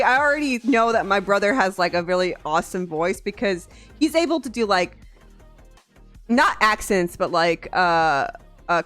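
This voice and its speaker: A woman from Tennessee chats loosely with her viewers in a soft, fairly high voice. Her pitch jumps around a lot, and she swears freely and laughs often. Faint music plays underneath. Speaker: streamer. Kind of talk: casual chat with viewers.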